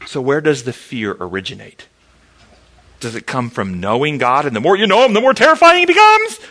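A man leads a Bible study, his voice high and bright. He swings his pitch widely as he throws questions to the class and answers them himself. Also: brisk. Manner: animated, asks the class questions. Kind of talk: interactive Bible study lesson.

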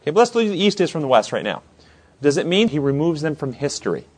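Animated man quizzing a Bible class. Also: on the high side, fast. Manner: questioning, animated, acts out scenes. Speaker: Bible study teacher.

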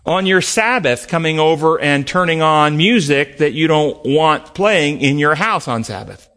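Male preacher delivering an earnest, emphatic sermon; voice sits a little high. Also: animated, a little slow, fairly bright tone. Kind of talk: sermon with closing prayer.

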